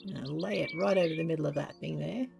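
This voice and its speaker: A woman's voice: sits low, fast, vocal fry, over music. A woman commentating her game play from home in a casual, chatty way, stopping now and then to talk fondly to her dog. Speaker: gaming channel host. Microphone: desk microphone.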